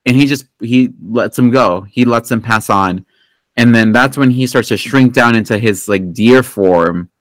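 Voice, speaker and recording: A man's voice: medium pitch, unhurried, no echo, rough recording. A man hosting a podcast, recapping a film in a casual, rambling and profane way, full of fillers and restarts. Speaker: podcast host. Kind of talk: casual movie recap chat.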